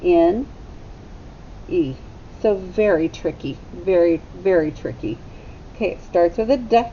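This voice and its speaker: A woman teacher giving a phonics lesson to young children, sounding out letters slowly and deliberately. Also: mellow. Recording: slightly dull recording with faint rumble.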